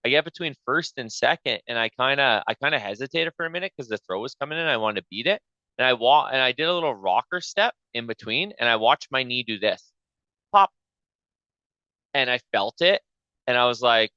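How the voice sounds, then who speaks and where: Brisk and profane, this podcast host animatedly recounts a story in casual talk, voicing the back-and-forth as he goes. His mid-range voice has a clean tone, and the recording lacks room sound but sounds dull.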